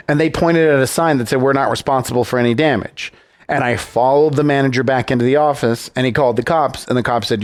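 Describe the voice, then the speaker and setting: Male radio co-host, teasing one-liner type, mid pitch, studio-dry sound. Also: steady tone, fast talker, no echo. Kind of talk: casual radio show banter. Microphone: studio microphone.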